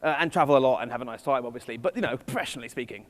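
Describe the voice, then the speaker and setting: A man's voice: medium pitch, racing. A man with an English accent giving a keynote talk to a live audience, playful and self-mocking in his asides. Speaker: conference speaker. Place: festival stage in a large hall. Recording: long reverb of a large hall.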